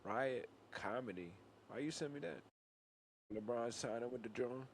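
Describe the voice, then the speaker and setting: A man co-hosting a casual podcast, loud and profane, mock-outraged and tripping over his words. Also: mid-range voice, moderate pace, a little hiss or hum. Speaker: podcast co-host.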